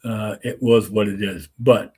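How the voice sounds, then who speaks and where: A man who works as a softball umpire, telling a rambling anecdote full of restarts and asides. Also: on the low side, steady tone, a little slow, husky. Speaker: softball umpire and show host. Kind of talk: casual storytelling.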